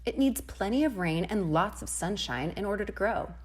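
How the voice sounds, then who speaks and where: A woman preschool teacher reading a storybook aloud to children in a gentle, expressive storytelling manner. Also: medium pitch, moderate pace, husky.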